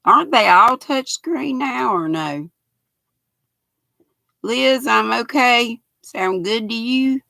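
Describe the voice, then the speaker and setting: An older woman in her sixties with a raspy voice and a Southern US accent, chatting casually on a knitting livestream and reading viewer comments aloud in a folksy way. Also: a little high, lively intonation, slow pace, pauses often, bright, forceful tone, no echo. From United States. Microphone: built-in laptop mic.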